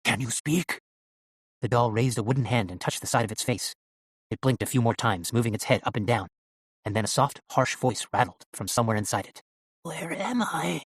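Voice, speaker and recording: A man narrating an audiobook in an animated storytelling manner. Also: on the low side, quick pace, no echo.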